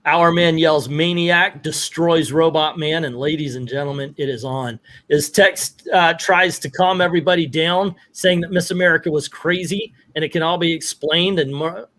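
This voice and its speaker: A man's voice: a little high, moderate pace, few pauses. A man hosting a comic book video in casual chat, retelling a story and reading the dialogue aloud with rising emphasis. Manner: animated, reads quotes with rising emphasis.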